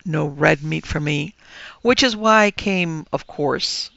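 A man voicing a mild, fussy old male dragon who speaks in a genial, unhurried, teasing way. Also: fairly high pitch, gravelly, sharp tone, dry recording, highs cut off, heavily acted.

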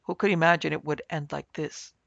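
A man doing a weak, shaken old-fashioned gentleman. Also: fairly high pitch, little pitch movement, brisk, gravelly, dry recording, heavily acted. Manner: weak, faltering. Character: shaken middle-aged English baronet, weak and unnerved. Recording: slightly muffled with soft music.

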